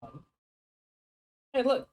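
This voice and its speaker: A woman's voice: extremely slow, a little mellow, recorded from a distance, a little hiss or hum, rough recording. A woman chatting casually with fellow tabletop players, rambling through anecdotes with lots of fillers, laughing often and acting out the people she quotes. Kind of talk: casual chat between players.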